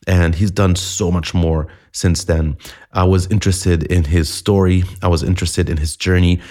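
A man's voice: deep voice, fairly even intonation, normal speed, darkish tone. A man hosting a podcast in a chatty, self-deprecating monologue, a little sniffly from a cold. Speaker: podcast host.

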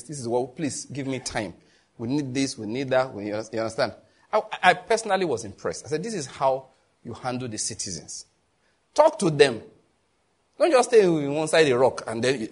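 A man's voice: brisk, husky. A man with a Nigerian accent preaching a sermon as a pastor, telling stories and acting out the people in them. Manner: animated storytelling, voicing others in a raised pitch.

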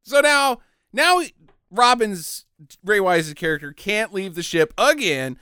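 A man co-hosting a casual podcast, retelling a film's plot with lively mock voices. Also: high-pitched, takes it slowly, smooth, dry recording, clean studio sound. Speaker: podcast co-host. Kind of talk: casual movie recap chat.

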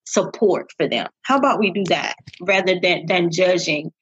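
A woman's voice: lowish voice, normal speed, a little hiss or hum. A woman co-hosting a podcast, speaking emphatically and repeating phrases for effect in casual conversation. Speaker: podcast co-host. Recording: dull lo-fi audio.

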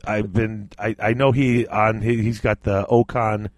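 A man's voice: on the low side, little pitch movement, a little slow, no room sound. A man co-hosting a casual podcast, easygoing, often trailing off and restarting, laughing along. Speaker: podcast co-host. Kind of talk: casual chat.

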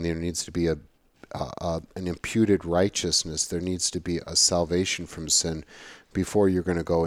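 A man's voice: low voice, dry recording. A man lecturing on theology to his students in a conversational, emphatic way, often repeating phrases. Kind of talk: recorded classroom lecture.

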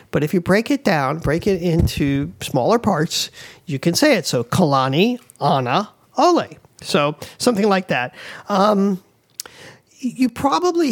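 A man chatting casually and rambling with fillers, giving local tips, with a slight Hawaiian Pidgin tinge. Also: sits high. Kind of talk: casual chat.

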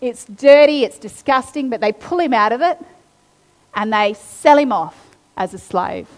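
A woman preaching a sermon, reading scripture aloud and then retelling it with animated, acted-out quotes. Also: a little high, measured pace. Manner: animated storytelling, acting out quotes. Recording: long hall reverb.

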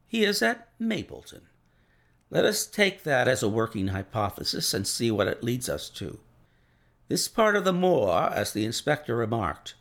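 A man voicing a brisk, keen-minded male detective in a read-aloud story, reasoning aloud in a crisp manner. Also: mid-range voice, a bit bright, full character voice. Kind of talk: storybook reading.

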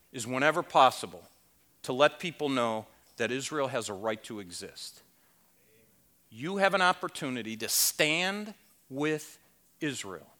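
A man's voice: fairly high pitch, sharp tone. A man preaching a sermon at a conference, emphatic and conversational, with rhetorical questions and wry asides. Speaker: conference speaker.

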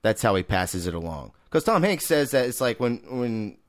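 A man's voice: mid-range voice, very animated, moderate pace, no room sound, studio quality. A man co-hosting a casual movie review podcast, laid-back and swearing, arguing his points. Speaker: podcast co-host.

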